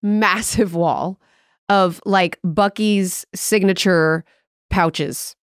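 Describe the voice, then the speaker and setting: A woman hosting a podcast, telling stories in a playful, animated way. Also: medium pitch, extremely slow, clean tone, no echo, studio quality. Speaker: podcast host. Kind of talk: casual chat.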